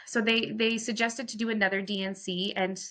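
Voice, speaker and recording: Podcast guest, woman, bright clear voice, open and chatty, telling her own story with plenty of fillers. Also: mid-range voice, little pitch movement, a little fast. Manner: chatty, frequent "like" fillers, quotes herself. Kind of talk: candid personal storytelling.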